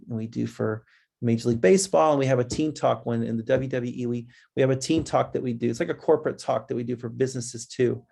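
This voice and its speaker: Man, webinar presenter, gravelly voice, chatty and restless delivery, talks straight to listeners. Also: darkish tone. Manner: conversational, restless, quick changes of pitch when imitating kids; addresses listeners directly as "guys".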